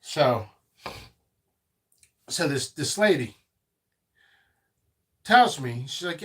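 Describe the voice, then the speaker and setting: A man hosting a casual live stream about his seed business, rambling and animated, with frequent restarts and asides. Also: a little high, extremely slow, long pauses, breathy edge.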